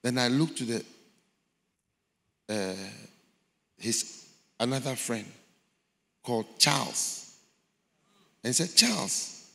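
A man's voice: medium pitch, takes it slowly, vocal fry, pauses often, fairly bright tone. A man preaching a sermon, telling a story dramatically and acting out the voices in it. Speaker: pastor. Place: large church hall. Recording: long hall reverb in a large church.

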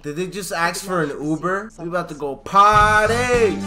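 High bright dude yelling over a shooter game, music in the back. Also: male voice, normal speed. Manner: jokey, yelling, swearing, mock-scared. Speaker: gaming YouTuber playing a shooter campaign. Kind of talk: loud excitable gameplay commentary.

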